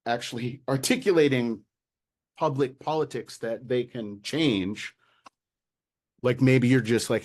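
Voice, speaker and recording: An American man talking as a guest in a casual interview, animated and exasperated, with many restarts and fillers. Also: mid-range voice. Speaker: local party official, guest.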